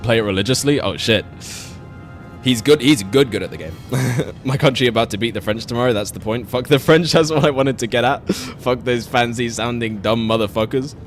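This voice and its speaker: A man's voice: medium pitch, a little fast, soft background music. A young man streaming a game, chatting casually, rambling, swearing and laughing often while he talks to his chat.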